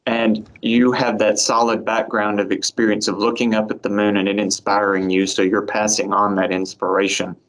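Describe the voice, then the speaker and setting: Male interviewer, measured, encouraging, asks questions. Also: on the low side, level tone, fairly bright tone, poor audio.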